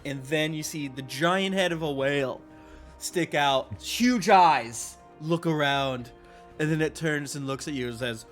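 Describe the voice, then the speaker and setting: A man narrating a tabletop game as game master, relaxed and descriptive with fillers. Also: a little high, unhurried, faint music behind.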